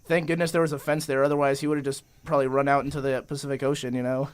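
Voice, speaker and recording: A man's voice: medium pitch, level tone, rapid-fire, clear, resonant tone. A young man co-hosting a sports podcast, chatting casually and rambling with plenty of filler. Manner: rambling with many you-knows. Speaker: podcast co-host.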